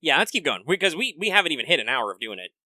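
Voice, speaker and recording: A man's voice: a little high, racing, no room sound. A man co-hosting a casual gaming podcast, joking and ranting with plenty of profanity. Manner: animated, profane, joking rants. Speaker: podcast co-host.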